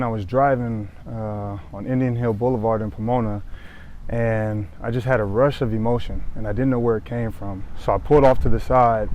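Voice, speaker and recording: A man's voice: mid-range voice, darkish tone, slight background noise. A man in his thirties from Southern California, a former pro football player, telling his own story to the camera in an earnest, reflective way, often repeating phrases and restarting. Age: 30s. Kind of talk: personal testimony to camera.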